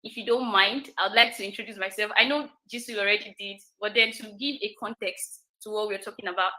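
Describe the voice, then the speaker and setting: A woman opening her talk as guest speaker on an online webinar, friendly and measured. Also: medium pitch, sharp tone, low-quality recording. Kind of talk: presentation.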